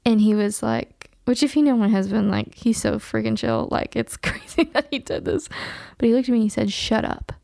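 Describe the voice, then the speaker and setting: Young woman with a gravelly edge, chatting. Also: a little high, animated, dark tone, dry recording, clean studio sound. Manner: earnest and open, with laughter and quick asides. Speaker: podcast host. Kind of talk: casual chat.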